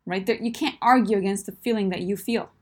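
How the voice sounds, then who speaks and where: A woman's voice: medium pitch, fairly even intonation, fairly quick. A woman coaching listeners in a direct advice talk, emphatic and encouraging, often checking in with "right?" and "my friend".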